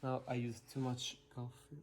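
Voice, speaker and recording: Home cook, patient instructor tone, mid pitch, background noise. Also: completely flat delivery, moderate pace. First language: Italian. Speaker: espresso maker.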